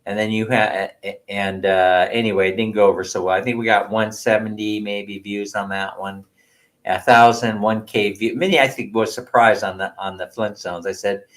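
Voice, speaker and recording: A man's voice: fairly low pitch, fairly even intonation, moderate pace, fairly bright tone. A man from the United States hosting a casual livestream at home, telling a rambling story, teasing and laughing often. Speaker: livestream host.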